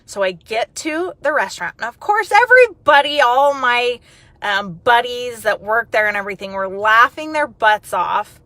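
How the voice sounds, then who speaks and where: A woman telling a personal story in a chatty, animated way, then turning it into an encouraging message. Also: on the high side, normal speed, no echo. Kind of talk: personal storytelling and motivational talk.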